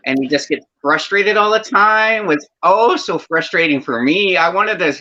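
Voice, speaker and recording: A man chatting casually as a guest on a livestream panel, excitable and rambling, apologizing for going off track. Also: high voice, moderate pace. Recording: dull lo-fi audio.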